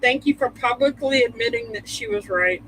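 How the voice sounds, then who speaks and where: A woman's voice: on the high side, big pitch swings, moderate pace, crowd noise, rough recording. A woman co-hosting a casual chat show, teasing her partner in a wry way. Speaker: co-host.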